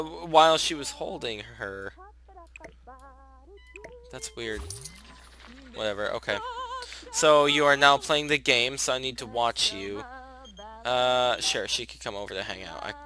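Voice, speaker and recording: This young man's casual let's play commentary on a life-sim game has him chatting to his characters and gushing whenever something cute happens, as host of a gaming channel. His medium-pitched voice is unhurried, with long pauses, over soft background music.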